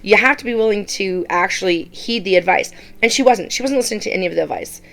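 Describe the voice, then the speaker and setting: A woman's voice: mid-range voice, fast talker, vocal fry, a bit bright. A woman YouTuber giving casual reaction commentary, blunt and exasperated, often mimicking the people she talks about.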